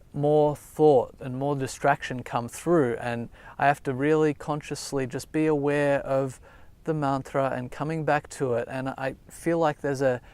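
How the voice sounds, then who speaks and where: A man calmly explaining a meditation technique, talking gently and reflectively at an unhurried pace. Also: mid-range voice, clean tone. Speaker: meditation teacher. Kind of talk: calm spoken meditation guidance. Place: outdoors.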